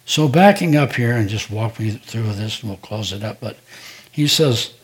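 A man's voice: on the low side, lively intonation, moderate pace. An older man, a pastor, preaching a sermon in a conversational, storytelling way, acting out quoted dialogue.

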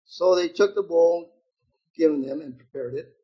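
Older male preacher in his 70s, husky and unhurried, slightly high voice, muffled lo-fi recording; shifts from loud scripture reading to hushed asides. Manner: swings between loud emphatic reading and quiet asides. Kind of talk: sermon reading and explaining scripture.

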